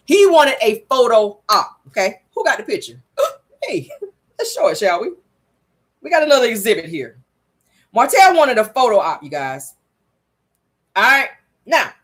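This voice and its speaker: A woman's voice: fairly high pitch, a bit bright. A woman hosting a casual reality TV recap, telling the story to viewers and calling them y'all.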